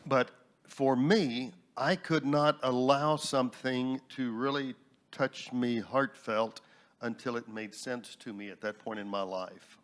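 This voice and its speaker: A man shares a personal story in a relaxed panel discussion. His voice sits at an ordinary middle pitch, and he slips humorous asides into his telling. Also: slow pace. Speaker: New Thought minister and instructor. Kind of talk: casual panel talk.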